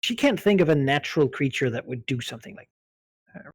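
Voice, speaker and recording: A man's voice: on the high side, very animated, fairly quick, slightly rough, dry recording. A man narrating a tabletop game as game master, hesitant and full of fillers.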